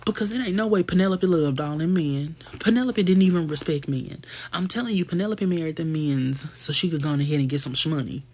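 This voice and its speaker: A man hosting a live stream, chatting casually and telling gossipy stories full of slang and quick asides. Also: fairly high pitch, a little mellow. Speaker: livestream host.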